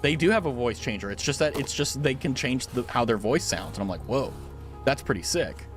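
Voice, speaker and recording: A man's voice: medium pitch, expressive, a little fast, faint music behind. A young man streaming a game at home on a dynamic mic, chatting casually in a rambling, filler-heavy, giggly way. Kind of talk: casual gaming stream chat. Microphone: studio dynamic mic.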